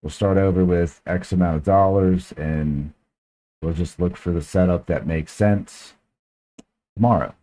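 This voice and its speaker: A man's voice: low voice, steady tone, a little slow, dark tone. A man hosting a podcast, telling a frustrated, profane story in casual chat. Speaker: podcast host.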